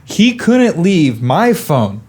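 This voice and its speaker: A young adult man hosting a podcast interview, telling anecdotes in an animated, casual way. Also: on the high side, takes it slowly, a little hiss or hum. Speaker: podcast host.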